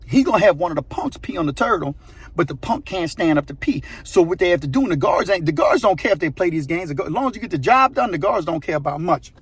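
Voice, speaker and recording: Male host, husky voice, slightly high pitch, animated slangy storytelling. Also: fast, no room sound. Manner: animated, slangy, repeats phrases for effect. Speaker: channel host. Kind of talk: casual storytelling.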